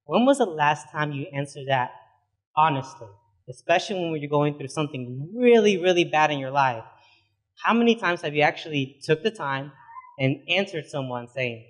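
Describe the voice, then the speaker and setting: A young adult man preaching a sermon as a pastor, conversational and informal, often filling pauses with "you know". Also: a little high.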